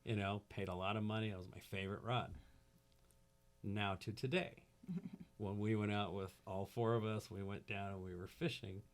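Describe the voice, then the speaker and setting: A man's voice: fairly low pitch, steady tone, normal speed. A man telling a fishing story with gusto. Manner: acts out quotes with big jumps in voice. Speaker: podcast guest. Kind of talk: animated storytelling.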